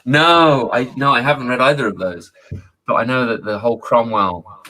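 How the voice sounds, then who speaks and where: A man's voice: medium pitch, normal speed, over a noisy crowd, low-quality recording. A British man hosting a casual video chat, joking and laughing often. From Britain. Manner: chatty, jokey, laughs often. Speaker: host.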